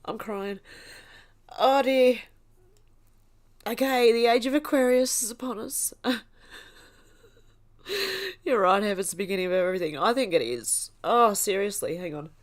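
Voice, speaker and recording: A woman's voice: medium pitch, animated, normal speed, pauses often. A woman hosting a casual livestream, reading chat comments aloud and laughing often. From Australia.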